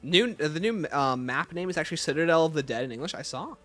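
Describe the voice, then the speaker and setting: A male streamer chatting casually on a livestream, reading his viewers' comments aloud and firing back blunt opinions. His voice sits a little high and sounds bright and forward, with a very animated, bouncing delivery. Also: fast talker, soft background music. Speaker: livestream host.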